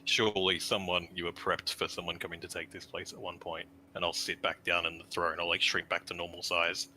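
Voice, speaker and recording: Very deep, flat-voiced male player. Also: fairly quick, a little hiss or hum. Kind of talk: in-character speech at a tabletop game.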